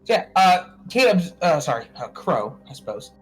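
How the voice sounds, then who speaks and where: A man's voice: on the high side, big pitch swings, moderate pace, soft background music, rough recording. An American man running a tabletop game as game master, talking casually with lots of fillers and laughter. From United States. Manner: rambling, laughs often, many fillers.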